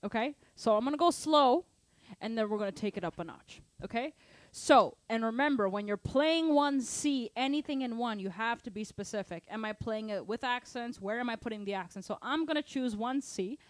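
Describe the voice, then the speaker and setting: A woman's voice: on the high side, expressive, moderate pace, dry recording. A woman teaching a live online drum lesson, explaining exercises and counting beats aloud over her playing. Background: drum kit playing.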